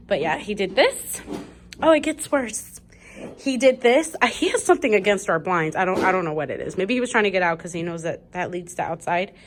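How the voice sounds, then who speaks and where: A woman's voice: mid-range voice, slight background noise. A young woman casually commenting on home video footage she is filming, chatty and exasperated. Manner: chatty, exasperated while showing damage. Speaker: vlogger.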